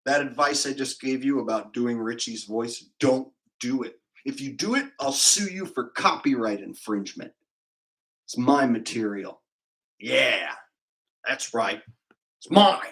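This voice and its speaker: This livestream host from California goes through donations with rambling, crude humor and loose chatter. His medium-pitched voice is expressive at a moderate pace, though the recording is rough.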